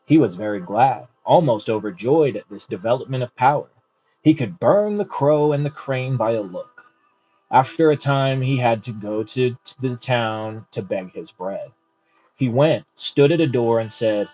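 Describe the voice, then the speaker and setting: Guy doing a book study, husky voice, reads slow n chats a bit, faint music. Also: mid-range voice, animated, dark tone, lo-fi sound. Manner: unhurried reading with chatty comments. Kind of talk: reading aloud with casual asides.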